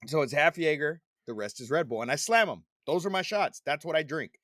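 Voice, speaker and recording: A man in his forties hosting a podcast, telling long stories in casual chat, animated and full of swearing. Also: on the high side, a little fast, no echo, clean studio sound. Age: 40s. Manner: profane, animated storytelling. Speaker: podcast host.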